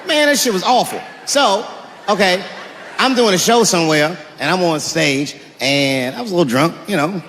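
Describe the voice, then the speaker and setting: Animated high-voiced male stand-up comic. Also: moderate pace. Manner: animated storytelling, shouting punchlines. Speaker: stand-up comedian. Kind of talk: stand-up comedy set. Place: comedy stage, live audience. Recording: reverberant live venue with audience noise.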